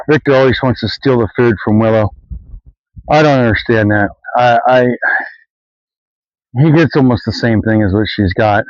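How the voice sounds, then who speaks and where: A man's voice: medium pitch, no echo, dull audio. A man filming a casual vlog outdoors on his homestead, talking in a loose, rambling way with plenty of fillers and restarts. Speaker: homesteading vlogger. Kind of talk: casual walk-and-talk vlog. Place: outdoors on a farm yard with animals.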